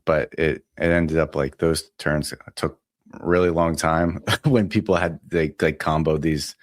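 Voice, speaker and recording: Male co-host, extremely low voice, dry deadpan delivery, close dry mic. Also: no echo. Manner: deadpan, understated verdicts. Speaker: podcast co-host. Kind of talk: casual chat.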